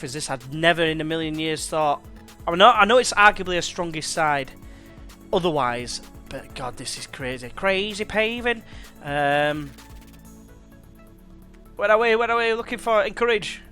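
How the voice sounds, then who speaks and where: Faint music plays behind a young let's play gamer whose voice is on the high side, pushed and bright, at a normal speed. He keeps up casual, slangy chatter and play-by-play calls in a football management game.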